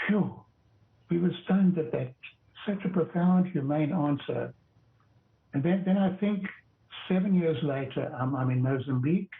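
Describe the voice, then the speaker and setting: A man's voice: fairly high pitch, measured pace, vocal fry. An older man and former judge recounting memories in an interview, reflective, often stumbling over and repeating words. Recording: tinny phone-like line.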